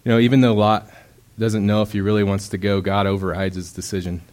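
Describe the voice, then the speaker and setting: A man's voice: fairly low pitch, little pitch movement, fast. A young man giving a sermon in a casual, conversational way, full of "um"s and acted-out quotes. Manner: casual, conversational preaching with many fillers; acts out quoted voices with bursts of loudness. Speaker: preacher.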